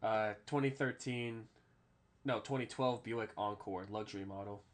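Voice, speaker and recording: A man's voice: lowish voice, normal speed. A man hosting a casual sports podcast, rambling through stories, often adding "all right?" and swearing freely. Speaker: podcast host.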